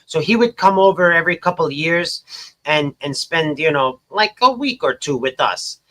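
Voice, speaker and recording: An American man chatting casually as a podcast host, telling stories in an animated, exclaiming way. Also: fairly high pitch, normal speed, a little hiss or hum. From United States.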